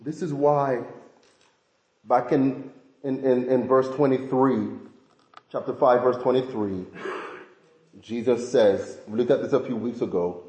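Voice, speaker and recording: A man preaching a sermon as pastor, emphatic and animated, often restarting phrases. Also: mid-range voice, a little slow, long pauses, roomy sound, rough recording.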